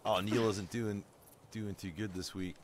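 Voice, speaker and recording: A male streamer giving casual gameplay commentary, excitable and swearing freely. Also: lowish voice, measured pace, a little hiss or hum.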